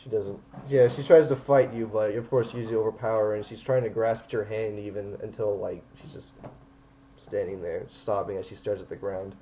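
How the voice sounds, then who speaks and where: A man's voice: on the low side, steady tone, a little fast, dark tone, slight background noise, poor audio. A man running a tabletop game as game master, narrating scenes in an easygoing, chatty way.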